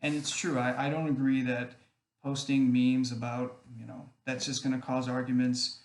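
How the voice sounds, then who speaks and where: An online group admin with a mid-range voice rambles casually to camera at normal speed, his delivery flat. He keeps checking in with "okay?", recorded in an echoey room with faint background noise.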